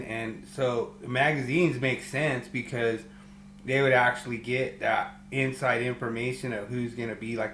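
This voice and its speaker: A man's voice: mid-range voice, fairly bright tone, a little hiss or hum. A man co-hosting a casual sports chat, speaking easygoingly and running a trivia quiz. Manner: easygoing, fills pauses with "you know" and "uh". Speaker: podcast co-host and quizmaster. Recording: roomy echo.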